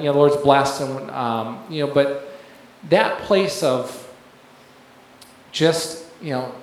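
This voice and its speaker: Man telling a testimony in an echoey hall. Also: medium pitch. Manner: rambling, full of fillers and restarts, laughs while telling. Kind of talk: sermon testimony. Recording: very echoey room, faint background noise.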